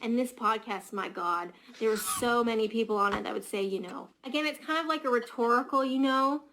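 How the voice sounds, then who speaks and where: Canadian woman, slightly high voice, chatty explainer clip. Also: a little fast, fairly bright tone, a little hiss or hum, low-quality recording. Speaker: video creator being reacted to. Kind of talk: casual explainer talk.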